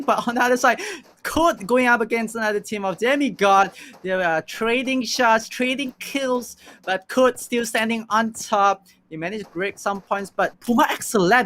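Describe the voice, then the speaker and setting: Excitable male esports caster, higher voice. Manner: excitable, frequent "ooh" and "oh" reactions. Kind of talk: live play-by-play commentary.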